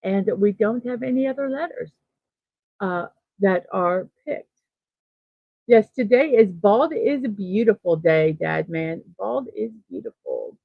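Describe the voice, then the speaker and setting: A middle-aged woman hosts a relaxed morning stream, thinking aloud as she reads out chat messages. She talks at an unhurried pace and laughs softly now and then. The sound is dry and a little dull, like a simple home setup. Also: medium pitch, gravelly, breathy edge, dry recording. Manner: slow, chatty, thinking aloud, with soft laughs. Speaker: host of a daily morning livestream. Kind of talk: casual livestream chat, reading chat messages.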